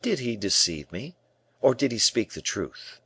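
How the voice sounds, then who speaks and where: A man's voice: medium pitch, sing-song, a little slow, pushed and bright, slightly rough, no echo, heavily acted. Man voicing an earnest young prisoner. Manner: earnest, searching, defiant questions. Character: young male prisoner, proud and questioning.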